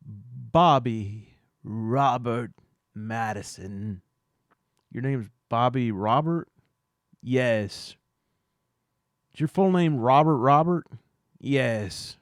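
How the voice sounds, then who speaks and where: A man voicing Bobby, a dramatic male schoolteacher with a head injury in a solo tabletop game, with a theatrical, slow and drawn-out delivery. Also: mid-range voice, no echo, studio quality. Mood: deadpan.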